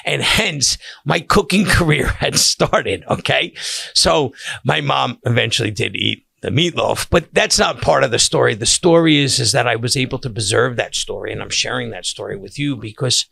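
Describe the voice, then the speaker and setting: A man's voice: medium pitch, moderate pace, vocal fry, slightly rough, dry recording. An older man with a Long Island accent hosting a podcast, telling family stories casually with many restarts. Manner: animated storyteller with many restarts. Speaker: podcast host, caterer. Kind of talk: casual storytelling.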